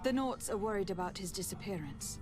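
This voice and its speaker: A woman voicing a composed young noblewoman diplomat in a video game, speaking in a calm, formal way. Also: medium pitch, brisk, lightly acted. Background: game music.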